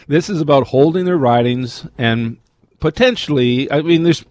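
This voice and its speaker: A man giving measured political analysis on a radio panel, often stopping to restart words. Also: a little high, a little mellow, dry recording. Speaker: political commentator.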